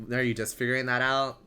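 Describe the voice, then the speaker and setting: A man's voice: medium pitch, pushed and bright, smooth. A man casually chatting and reading a story game aloud on stream, playful and jokey.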